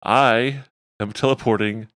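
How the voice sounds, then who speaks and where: A man's voice: medium pitch, unhurried, no room sound, clean studio sound. A young man playing a tabletop role-playing game, joking and laughing between his character's moves. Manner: laughing, animated, jokey. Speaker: player.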